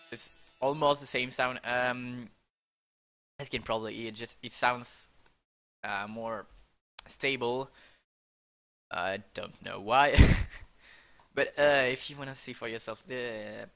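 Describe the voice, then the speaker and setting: A man's voice: mid-range voice, a bit bright. A young man casually walking through how he built a track, often stopping to correct himself and laughing at his slips. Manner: halting, self-correcting, laughs at own slips. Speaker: music producer explaining his track. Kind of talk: casual screen-recorded tutorial.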